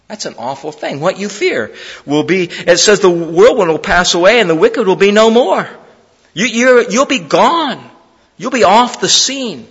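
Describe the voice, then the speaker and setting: A man's voice: fairly high pitch, a bit bright, long reverb tail, highs cut off. A man preaching an expository sermon in an earnest, conversational way, asking his listeners direct questions. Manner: earnest, conversational, with rhetorical questions and sports metaphors.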